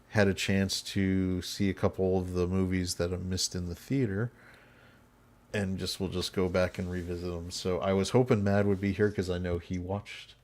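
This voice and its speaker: A man's voice: sits low, darkish tone. A man hosting a podcast in casual chat, blunt and opinionated, often laughing. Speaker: podcast host.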